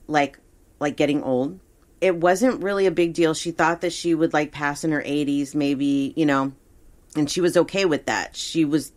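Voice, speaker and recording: Woman podcast host, psychic reader, deep-ish voice, easygoing and halting. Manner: hesitant, relaxed, many fillers. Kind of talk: casual podcast reading.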